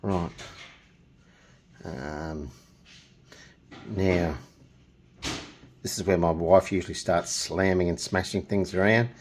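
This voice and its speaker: A middle-aged man hosts a laid-back painting tutorial, chatting, cracking jokes and humming nonsense tunes as he works. His voice is low and steady in tone, his pace slow with frequent pauses, and there's a faint hiss or hum in the audio.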